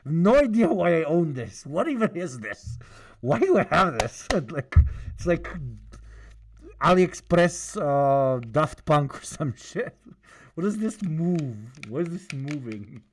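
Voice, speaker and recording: A man hosting a livestream rambles through loose reaction commentary, swearing and laughing as he goes. His pitch swings a lot from line to line, and he talks through a cloth mask. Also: sing-song, slow, a little hiss or hum. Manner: profane, rambling, laughs often. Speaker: livestream host. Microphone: speaking through a cloth mask.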